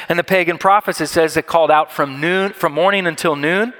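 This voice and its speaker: A man's voice: on the high side, fairly quick, few pauses. Man preaching in a reverberant hall. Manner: animated storytelling, acts out quoted voices. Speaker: pastor. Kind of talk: sermon.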